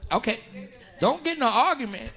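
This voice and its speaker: High-voiced, lively stand-up comic man. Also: a little fast, vocal fry, noisy background. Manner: loud, animated, acts out characters in voices; talks with the audience, asks them questions. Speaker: stand-up comedian. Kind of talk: stand-up crowd work. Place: comedy club stage. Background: audience laughing.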